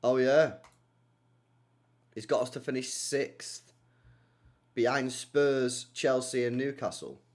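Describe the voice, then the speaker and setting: A man's voice: mid-range voice, slow, long pauses. A young man chats casually on a livestream, answering viewer comments in slangy speech full of tag questions. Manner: animated, slangy, repeats himself with many tag questions. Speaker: streamer hosting a football watchalong.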